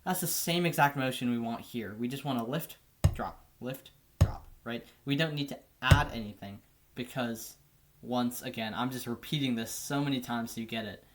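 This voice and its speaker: A man teaching drum technique in a relaxed, casual way, often checking in with "right?". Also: medium pitch, moderate pace, background noise. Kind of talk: casual instructional explanation.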